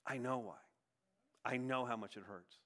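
A man preaching a sermon as a pastor, emphatic and earnest, moving between raised declarations and quieter passages. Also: medium pitch, normal speed. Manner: emphatic preaching, swinging from loud to hushed.

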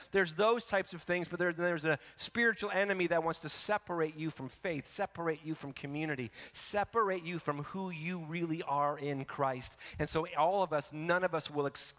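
Male pastor, high bright voice, emphatic sermon delivery, long hall reverb. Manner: emphatic preaching, swings between soft and loud.

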